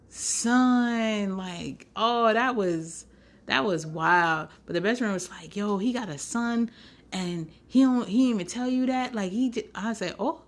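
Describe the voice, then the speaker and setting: Sassy young woman on a podcast, slangy, laughs a lot, just chatting. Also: fairly high pitch. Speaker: podcast host. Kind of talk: casual storytelling.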